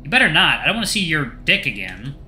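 A man voicing a brash young hyena woman who jokes loudly and talks with sarcasm in a visual novel game. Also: a little high, big pitch swings, fast, slight background noise, exaggerated voice. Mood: amused. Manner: loud, teasing and sarcastic.

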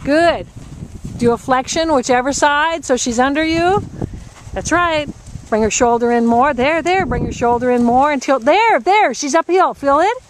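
A woman's voice: high voice, normal speed, slight background noise. A woman riding instructor coaching a rider live, encouraging her and repeating short commands.

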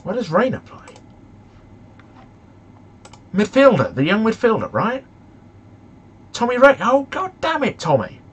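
A young man commentating on a football management game, excitable and shouting at the match in frustration. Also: high voice, a little slow, long pauses, husky, dull audio. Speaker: gaming YouTuber.

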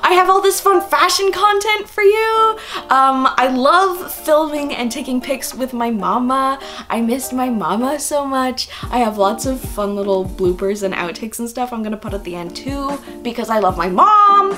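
Brief: young woman vlogger, upbeat and gushing, voice sitting a bit high, with clear music running under the narration. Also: animated, normal speed, hardly any pauses, sharp tone. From Prince Edward Island, Canada. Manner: bubbly, gushing, giggly. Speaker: fashion vlogger. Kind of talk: voice-over vlog narration.

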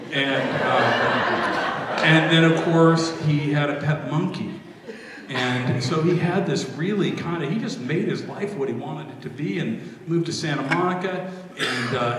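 A middle-aged man speaking at his father's memorial, emotional and holding back tears, but laughing warmly at times. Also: medium pitch, a little hiss or hum. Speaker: eulogist son. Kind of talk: memorial eulogy. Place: large echoey hall. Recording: echoey hall from far off.

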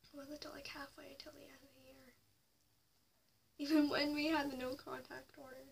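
With a creaky, high voice and flat delivery at a moderate pace, a young vlogger confesses a personal story to camera. She shifts between quiet whispers and sharp, angry outbursts. A slightly distant mic captures faint background noise.

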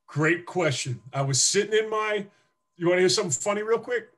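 With a high-pitched voice and a fairly quick pace, a man who used to play football shares emotional stories during a casual interview. He's an animated storyteller who acts out each scene.

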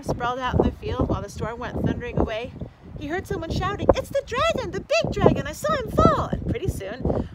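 A woman reads a children's picture book aloud for a library storytime. Her high voice rises and falls with expressive, sing-song storytelling. Loud noise hisses beneath the recording.

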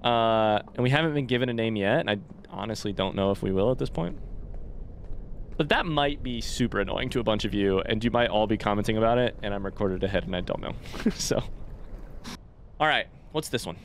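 A man's voice: lowish voice, animated, brisk, slight background noise. A young man giving casual let's play commentary on a blind playthrough, swearing freely and gasping or shrieking when startled. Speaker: gaming YouTuber.

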